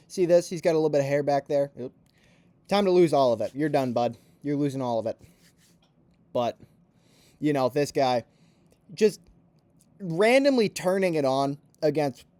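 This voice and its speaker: Male vlogger, fairly high voice, dry close sound; ranting, sarcastic, swears freely. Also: a little mellow, clean tone, dry recording. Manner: heated, profane, sarcastic ranting. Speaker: MMA commentator. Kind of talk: ranting commentary vlog.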